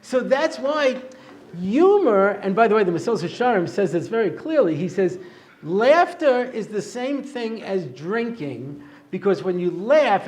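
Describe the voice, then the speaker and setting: High-voiced joking rabbi. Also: male voice, a little mellow. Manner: joking storyteller, chuckles at his own jokes. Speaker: rabbi giving a talk. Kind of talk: humorous Torah lecture with jokes. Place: lecture hall with a live audience.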